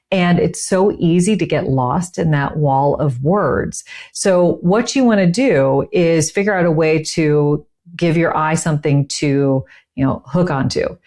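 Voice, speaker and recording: A woman's voice: sits low, darkish tone. A middle-aged woman giving conversational teaching tips, stressing key words as she explains. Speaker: communication coach. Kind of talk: instructional tips to camera.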